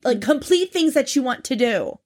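A woman's voice: high-pitched, moderate pace. A woman co-hosting a podcast, recapping a TV episode in casual chat, exasperated and swearing often. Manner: exasperated, swears a lot, animated. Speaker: podcast co-host.

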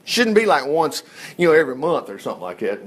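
A man's voice: fairly high pitch, huge pitch swings, fast, a little hiss or hum. A man giving a casual Bible study, folksy and digressive, who slips into little acted asides.

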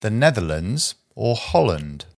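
A man reading a vocabulary list aloud as a teacher, slow and deliberate, pausing after each short phrase. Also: fairly low pitch, big pitch swings, vocal fry.

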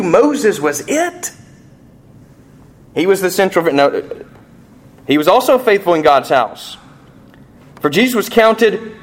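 Male pastor, sermon delivery, animated, rhetorical questions, slightly high-pitched. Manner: animated preaching, rising emphasis and rhetorical questions.

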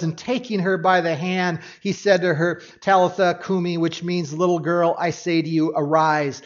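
A man preaching a sermon, earnest and expressive, swinging from hushed, quiet passages to emphatic ones. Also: high voice, dull audio. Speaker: pastor.

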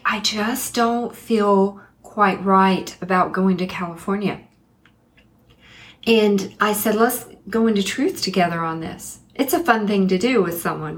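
A middle-aged woman, a spiritual teacher, telling a personal story in an earnest way and slowing down to stress key points. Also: mid-range voice.

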